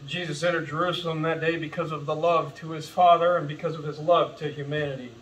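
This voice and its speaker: A man's voice: fairly high pitch, steady tone, fast, distant mic, rough recording. A man preaching an earnest, impassioned sermon as pastor, calling his listeners folks. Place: church sanctuary.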